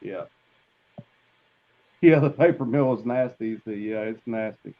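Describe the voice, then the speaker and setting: A man's voice: fairly low pitch, a little slow, highs cut off. A man, a guest on a live stream, chatting in a folksy, easygoing way. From southern United States. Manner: folksy, easygoing, laughs along. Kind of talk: casual live stream chat.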